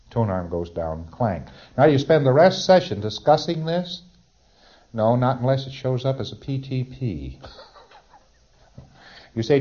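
Low-voiced man lecturing on old tape. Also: lively intonation, moderate pace, a little mellow. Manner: explanatory, acts out dialogues. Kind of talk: recorded lecture. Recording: dull lo-fi tape.

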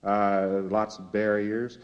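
A man's voice: lowish voice, level tone, slow, highs cut off. A man from the United States giving a lecture in a folksy, wry way with jokey asides.

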